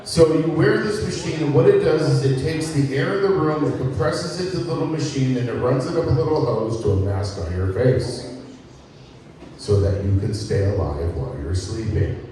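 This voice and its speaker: A man's voice: fairly high pitch, moderate pace, dark tone. A middle-aged man doing a stand-up set, telling profane stories about his son and chatting with the crowd. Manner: profane storytelling, crowd work. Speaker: stand-up comedian. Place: comedy club stage. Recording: echoey hall from far off with crowd.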